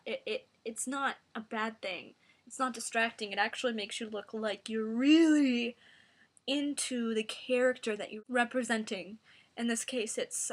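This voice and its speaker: A woman giving a mock singing tutorial in a deadpan, rambling, self-serious way. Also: on the high side.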